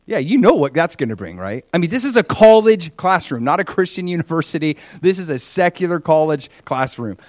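A man preaching a sermon, telling a personal story in an earnest, animated way. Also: fairly high pitch, fairly quick, few pauses, no room sound.

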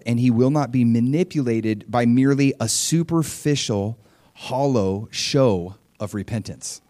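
A man preaching a sermon in a conversational style, reading scripture and animatedly acting out the voices of the people he describes. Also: mid-range voice. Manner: conversational, animated, acts out quotes. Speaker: pastor.

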